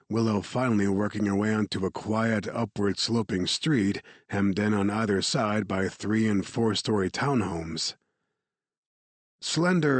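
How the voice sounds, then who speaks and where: Man, audiobook narrator, low voice, dry, steady measured reading. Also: no room sound.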